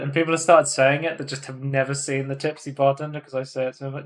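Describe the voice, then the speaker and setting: A man hosting a casual podcast, chatting in an animated way and swearing often. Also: mid-range voice, a little fast. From United Kingdom. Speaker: podcast host. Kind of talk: casual chat.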